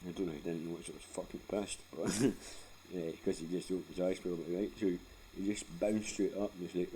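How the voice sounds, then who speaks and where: A man's voice: low-pitched, steady tone, fairly quick, hardly any pauses, mellow, poor audio. A Scottish man in his forties telling rambling, sweary stories about his life in a casual vlog, laughing often as he goes. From Scotland. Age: 40s. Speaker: vlogger. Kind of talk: casual storytelling.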